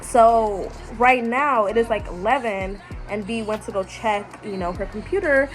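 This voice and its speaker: A young woman vlogging casually about a book she is reading, chatty and quick to gasp and laugh. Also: medium pitch, soft background music. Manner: chatty, reacts loudly with gasps and laughs. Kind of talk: casual reading vlog reactions.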